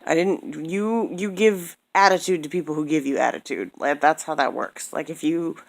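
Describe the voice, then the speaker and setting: A woman in her thirties vents in a heated, swearing rant, circling back over the same points. Her voice sits low and sounds tired. She talks straight to the camera like a personal vlogger. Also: normal speed, gravelly. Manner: heated, profane, repeats herself.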